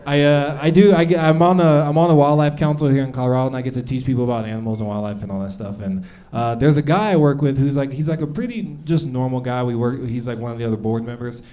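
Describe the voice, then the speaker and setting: A man's voice: medium pitch, quick pace, warm tone. A man in his thirties performing a live stand-up set. He talks in a loose, conversational way and acts out the people he quotes. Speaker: stand-up comedian. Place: comedy club stage with a live audience. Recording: noisy live club recording. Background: audience laughter and room noise.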